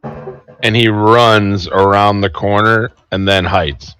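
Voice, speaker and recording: Deep, deadpan man player. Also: slow, clean tone, soft background music. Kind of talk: tabletop game banter.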